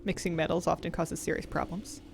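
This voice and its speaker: A woman's voice: fairly low pitch, little pitch movement, fairly quick, creaky, a little mellow, a little hiss or hum. A woman, chatting casually as a game streamer, thinking aloud and laughing often. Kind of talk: casual gameplay commentary.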